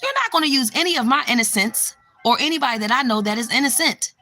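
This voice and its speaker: A young woman talking straight to her live viewers in a blunt, profane, unfiltered way. Her voice is bright and sharp, and it jumps up and down a lot in pitch. Faint music plays behind her. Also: lively intonation, quick pace. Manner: blunt and profane, bursts into loud exclamations; reacts to live chat comments. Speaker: spiritual vlogger. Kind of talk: casual livestream chat.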